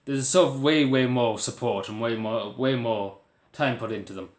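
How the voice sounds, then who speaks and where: A man's voice: mid-range voice, moderate pace. Rambling Irish man in an echoey room. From Ireland. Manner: rambling, earnest, with many fillers and restarts. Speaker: vlogger. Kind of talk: casual talk to camera.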